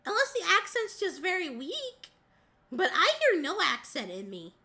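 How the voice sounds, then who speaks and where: A woman's voice: very high-pitched, huge pitch swings, bright, forceful tone. Chatty, slightly nasal young woman streamer. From Southern United States. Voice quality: a little nasal. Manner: rambling, chatty, quick to laugh. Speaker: VTuber streamer. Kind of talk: casual chat.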